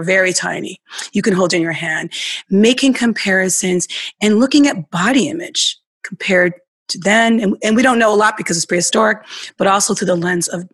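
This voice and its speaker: A woman's voice: medium pitch, fairly bright tone, dry recording. Earnest woman explaining art. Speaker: podcast guest, art podcaster. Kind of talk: conversational interview.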